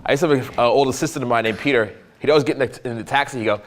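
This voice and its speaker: A man teaching a live dating seminar, telling stories in an animated, profane way. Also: medium pitch. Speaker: dating coach.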